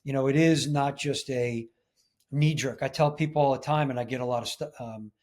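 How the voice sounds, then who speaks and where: A man's voice: medium pitch, steady tone, normal speed, darkish tone. A man speaking as a guest in an interview, in an earnest, emphatic way. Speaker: podcast guest. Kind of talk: casual interview chat.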